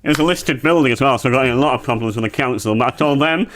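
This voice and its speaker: A man, co-hosting a comedy podcast and telling an absurd, sweary story deadpan. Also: mid-range voice, rapid-fire, a little hiss or hum. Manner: deadpan, sweary, spinning an absurd tall tale. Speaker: podcast co-host. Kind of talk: comic storytelling.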